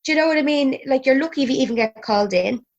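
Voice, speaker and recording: A woman's voice: high voice, rapid-fire, dull audio. A woman in her thirties with an Irish accent, chatting as a podcast guest, laughing and swearing freely. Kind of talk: casual chat.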